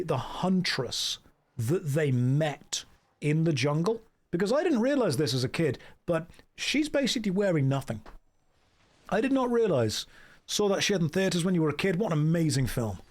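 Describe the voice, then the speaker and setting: A man's voice: a little high, darkish tone. A young man streaming, rambling casually and slipping into playful baby talk with his dogs. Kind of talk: casual live-stream chat.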